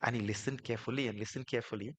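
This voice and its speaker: A swami, a man, telling devotional stories in a sermon, animated and repetitive, building emphasis as he goes. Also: mid-range voice, rapid-fire, slight background noise. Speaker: swami, spiritual teacher.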